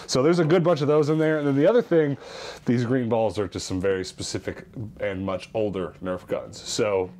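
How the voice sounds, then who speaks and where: A man vlogging about his thrift store finds in an animated, chatty, jokey way. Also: medium pitch, moderate pace. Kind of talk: casual chat.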